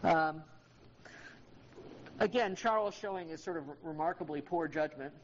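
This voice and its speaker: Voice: medium pitch, normal speed, dull audio, a little hiss or hum. A history teacher giving an informal classroom lecture, with frequent ums and uhs and asides to students by name.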